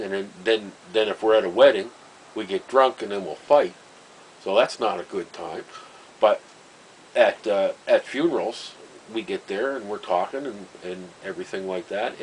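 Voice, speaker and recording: A man's voice: fairly low pitch, slight background noise, rough recording. A middle-aged man casually telling rambling personal stories, breaking off mid-sentence and chuckling at his own anecdotes. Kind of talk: casual storytelling monologue.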